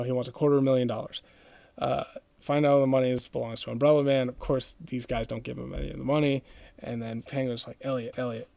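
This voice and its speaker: Guy podcast host rambling thru a comic plot, gravelly, dry close mic. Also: medium pitch, mellow, dry recording. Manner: rambling retelling full of "like" fillers. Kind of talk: casual plot recap.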